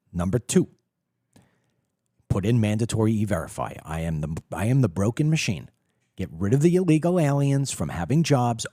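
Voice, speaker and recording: A middle-aged man holds forth in an emphatic political monologue, piling up rhetorical questions and repeating words as he builds each point. His voice is mellow and dark, and the recording is dry and close with no room sound. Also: medium pitch, no echo. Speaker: political talk show host. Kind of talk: opinionated monologue to camera.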